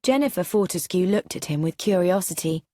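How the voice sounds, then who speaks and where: Clear, measured woman narrating a storybook. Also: fairly low pitch, expressive, warm tone, no room sound, studio quality. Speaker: audiobook narrator. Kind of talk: scripted audiobook narration for learners.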